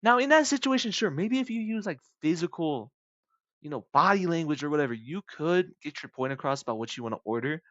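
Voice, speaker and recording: A young man rambling casually to his YouTube viewers, jumping into high squeaky voices for the people in his made-up stories. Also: lively intonation, fairly quick, fairly bright tone, dry recording, dull audio.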